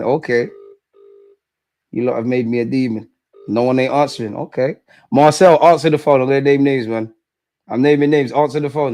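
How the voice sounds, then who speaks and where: Excitable young football fan. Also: male voice, mid-range voice, normal speed, pauses often. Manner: excitable, swings from loud shouting to muttering; slangy banter, swears at the screen. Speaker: football fan watch-along host. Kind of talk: live match reaction commentary.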